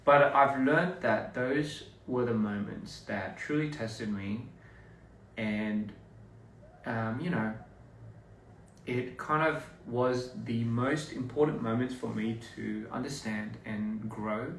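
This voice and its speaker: A young man chatting casually with viewers on a livestream, relaxed and halting, with lots of fillers and restarts. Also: mid-range voice, gravelly. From Australia. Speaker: livestream host. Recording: roomy echo, distant mic, faint noise.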